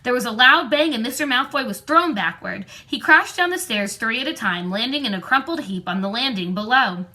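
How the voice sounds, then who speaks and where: A woman reading a storybook aloud in a clear, steady narrating voice. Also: a little high, a little fast, few pauses. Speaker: audiobook reader.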